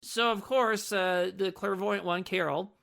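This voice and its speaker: A man's voice: sits high, lively intonation, moderate pace, bright, forceful tone. A man co-hosting a podcast, chatting casually and jokily about a movie, rambling and swearing freely. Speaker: podcast co-host.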